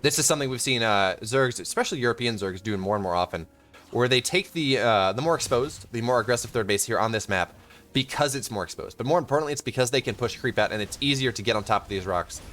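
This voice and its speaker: Lively young male esports caster. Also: mid-range voice. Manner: rambling, self-interrupting, quick to laugh. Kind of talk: live game commentary.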